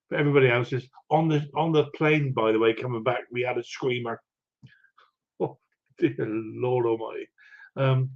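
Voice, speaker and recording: A man's voice: medium pitch, darkish tone. An older man hosting a live stream, chatting casually and chuckling while he greets viewers from the chat. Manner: chatty, rambling, chuckles often. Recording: dull lo-fi audio.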